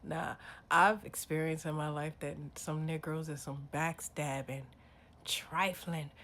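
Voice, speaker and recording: A woman in a casual rant to camera, blunt and profane, dropping to muttered asides and then bursting out loud. She talks like a spiritual reader. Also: low-pitched, fairly even intonation, a little slow.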